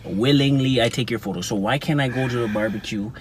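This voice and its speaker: A man's voice: mid-range voice, quick pace. A man arguing defensively with his girlfriend. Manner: defensive, argumentative.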